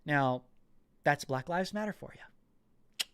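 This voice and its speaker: A man's voice: on the high side, expressive, slow, fairly bright tone, clear, resonant tone, no room sound. A man hosting a political commentary podcast, talking in an indignant, emphatic way and often repeating words. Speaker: podcast host.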